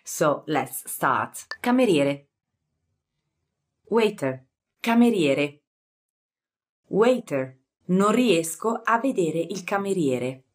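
A woman's voice: on the low side, expressive, takes it slowly, long pauses. A woman with an Italian accent teaching beginner vocabulary, repeating each word and sometimes correcting herself as she explains. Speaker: language teacher.

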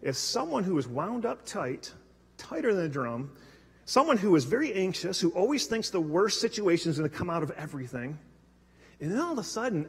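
A man's voice: high-pitched, big pitch swings, a little fast, fairly bright tone, husky. A male pastor preaching a sermon, telling personal stories conversationally with self-deprecating humor. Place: church sanctuary. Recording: long hall reverb.

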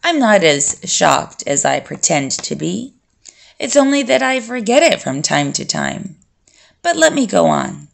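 A woman reading as a brooding, gravelly male vampire. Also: lowish voice, wildly swooping pitch, exaggerated voice. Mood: reflective. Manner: measured, collected and reflective. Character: calm, brooding male vampire recounting his past. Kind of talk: audiobook character reading.

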